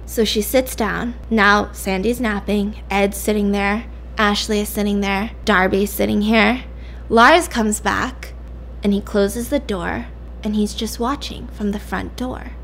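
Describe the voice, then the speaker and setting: A woman's voice: medium pitch, a little slow, gravelly. A woman casually retelling a crime story for a podcast, acting out the characters with whispers and sudden outbursts. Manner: animated, acts out quotes with whispers and shouts. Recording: faint background noise.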